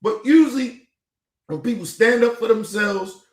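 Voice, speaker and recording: A man's voice: high-pitched, a little slow. A man hosting a stream, reacting to a clip in a heated, profane rant full of repetition. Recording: echoey room.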